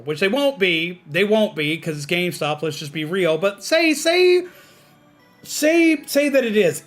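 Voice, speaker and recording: The speaker is a man whose voice sits on the high side with a bit of brightness. He rambles through a profane, filler-heavy rant while streaming a game, keeping the chat casual.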